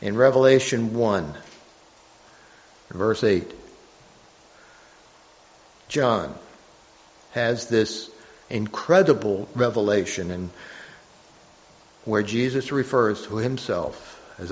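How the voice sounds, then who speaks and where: A man preaching a sermon, reading scripture slowly and emphatically, with frequent restarts. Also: lowish voice, animated. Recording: dull lo-fi recording.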